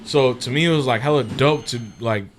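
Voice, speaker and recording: Brief: male podcast guest, loose profane storyteller, mid-pitched, faint ambient noise behind. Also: brisk. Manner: slangy and profane, acts out quotes in animated voices. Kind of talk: casual storytelling chat.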